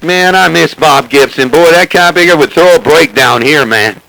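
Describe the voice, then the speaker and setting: Gravelly high-voiced man on CB radio. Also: normal speed, pushed and bright, slight background noise, poor audio. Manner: joking, boastful, repeats "hey, hey, hey". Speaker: CB radio operator. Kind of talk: CB radio banter.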